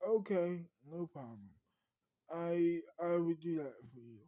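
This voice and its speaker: A woman's voice: fairly low pitch, lively intonation, a little slow, mellow, no echo. A woman voicing a polite but easily offended male car salesman, in a plain, conversational way.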